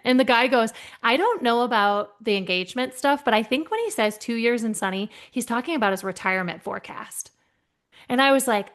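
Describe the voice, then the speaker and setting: Lively woman telling workplace stories. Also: a little high, brisk. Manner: lively, acts out voices in her anecdotes. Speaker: guest, keynote speaker. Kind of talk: animated storytelling in conversation.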